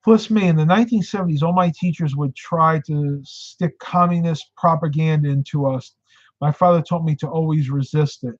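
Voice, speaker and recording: Chatty and storytelling, this middle-aged upstate New York live stream host responds to viewer comments at a moderate pace. His voice is on the high side, and the recording is dry and muffled.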